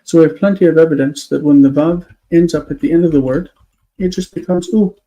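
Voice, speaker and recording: A man's voice: a little high, brisk, dark tone, poor audio. A man on a live stream, explaining word forms step by step, thinking aloud with many fillers. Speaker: Hebrew teacher.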